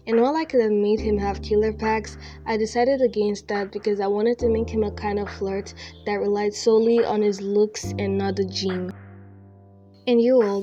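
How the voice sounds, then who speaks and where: A young woman giving a chatty, relaxed voice-over about her digital art. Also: mid-range voice. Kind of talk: casual voice-over narration. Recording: faint music behind.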